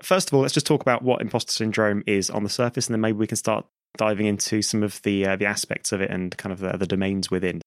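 A man with a low voice leads a podcast conversation, measured and deliberate, often pausing on "uh" while he frames topics. The sound is dry and close to the mic. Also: steady tone, no room sound. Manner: measured, steers the talk, fills pauses with uh. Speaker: podcast host. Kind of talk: casual podcast discussion.

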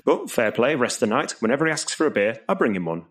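A man performs a stand-up comedy routine as compere. His voice moves up and down a great deal as he builds long, rambling jokes. He sits at a middle pitch and delivers everything as a story. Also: fast. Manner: lively storytelling with put-on voices for characters.

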